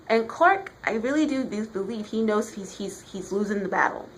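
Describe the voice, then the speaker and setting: Animated chatty woman reviewing comics. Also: medium pitch, normal speed, few pauses, slight background noise. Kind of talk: casual vlog review.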